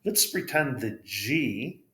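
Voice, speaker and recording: A man's voice: medium pitch, animated, takes it slowly, fairly bright tone. A man with an American accent teaching English pronunciation, spelling out letters and modeling each word with patient care. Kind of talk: pronunciation lesson. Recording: roomy echo.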